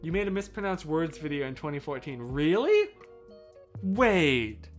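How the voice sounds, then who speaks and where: A male streamer talks loosely into a boom mic. His pitch swings a lot as he wanders from thought to thought and keeps breaking off mid-sentence. Soft music plays low behind him. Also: unhurried. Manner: rambling, animated, self-interrupting. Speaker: livestreamer. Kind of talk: casual livestream chat. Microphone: boom mic out of shot.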